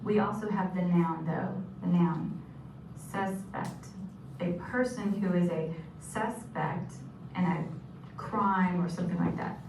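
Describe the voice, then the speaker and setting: A woman's voice: fairly low pitch, unhurried, gravelly. A woman teaching sign language vocabulary, patiently saying each term and repeating it. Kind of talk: instructional explanation. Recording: echoey room from a distance with noise.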